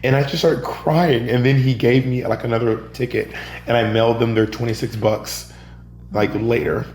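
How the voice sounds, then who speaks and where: A man's voice: medium pitch, steady tone, normal speed, a little mellow. A man from Georgia in the US, a guest on a podcast, telling stories animatedly and acting out other people's lines. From Georgia, USA. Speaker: podcast guest, drag performer and comedian. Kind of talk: casual storytelling in an interview. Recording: roomy echo with a faint hum.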